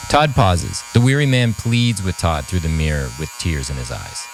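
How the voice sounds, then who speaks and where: Deep-voiced man reading a horror script. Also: very animated, normal speed, noisy background. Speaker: podcast co-host and script reader.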